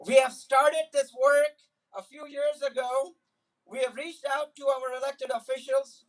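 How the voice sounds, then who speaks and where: A man giving an impassioned public speech at a community event, telling personal stories and building to forceful, emphatic repetition. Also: extremely high pitch, little pitch movement, unhurried. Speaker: community speaker at a solidarity event. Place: Islamic center event. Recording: voice picked up from a distance.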